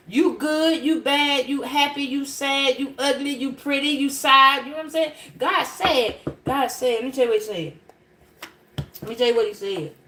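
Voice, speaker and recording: A woman's voice: high voice, a bit bright, reverberant. A woman giving a casual spiritual message to a live chat, emphatic and preachy, repeating her phrases and talking straight to her viewers.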